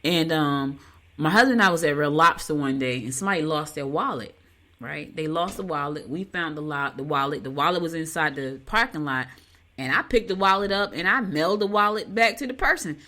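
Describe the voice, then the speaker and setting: Brief: woman, middle-aged, podcast host, bright forward tone, chatty and folksy. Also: low-pitched, a little fast. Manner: folksy, animated storytelling with Southern US speech. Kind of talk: casual chat.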